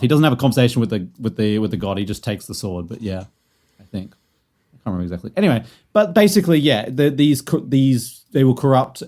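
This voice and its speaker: A man's voice: on the low side, a little mellow. A man hosting a casual podcast, explaining lore in a rambling way with many fillers and restarts. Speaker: podcast host presenting the lore. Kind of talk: casual chat.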